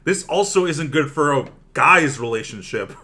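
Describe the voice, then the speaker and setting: Playful co-host, mid pitch, animated and bright. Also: moderate pace, breathy edge. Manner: playful, lively swings in pitch. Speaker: podcast co-host. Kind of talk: casual book club chat.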